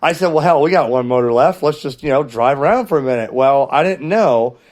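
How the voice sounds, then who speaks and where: A middle-aged man, host of a hobby channel, telling a story in a casual vlog with an animated, exasperated delivery and frequent restarts. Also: mid-range voice, brisk. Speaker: ham radio channel host.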